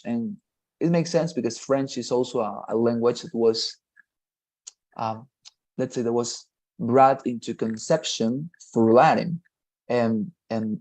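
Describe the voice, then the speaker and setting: A man teaches an English lesson, going through the grammar one step at a time. His voice is dark and mellow, and he keeps asking "right?" to check his students are following. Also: medium pitch. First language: Spanish. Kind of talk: online class explanation.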